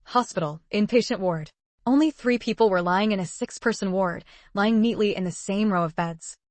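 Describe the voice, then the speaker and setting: Woman reading a story, steady even voice, medium pitch, dry close mic. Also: normal speed, no room sound. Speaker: narrator. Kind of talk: scripted story narration.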